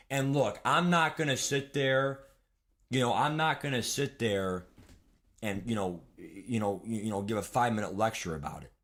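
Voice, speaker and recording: Low-voiced man ranting on a live stream. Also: fairly bright tone. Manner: rambling, heated, swears often, talks to chat. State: hungry and weak. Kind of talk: casual live-stream rant.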